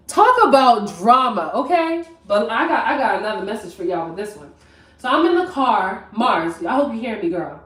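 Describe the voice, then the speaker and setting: A young woman telling a personal story on a live stream, chatty and animated, talking straight to her viewers from her kitchen. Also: a little high, normal speed, far from the mic. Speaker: vlogger. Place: home kitchen. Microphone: camera mic at a distance. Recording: roomy, from off mic.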